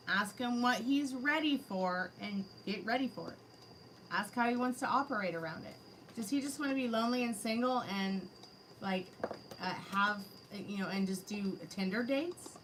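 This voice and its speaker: A woman's voice: on the high side, a bit bright, slight background noise, low-quality recording. A woman giving a live-streamed tarot reading, chatting casually and addressing spirits and her chat directly. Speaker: tarot reader. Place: her home.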